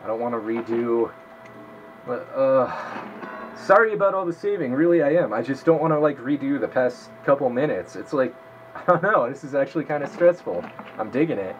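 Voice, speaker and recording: Brisk and animated, this young man's mid-range voice comes through dull audio with slight background noise. He gives casual let's-play commentary, swearing a lot and chatting to himself as he plays.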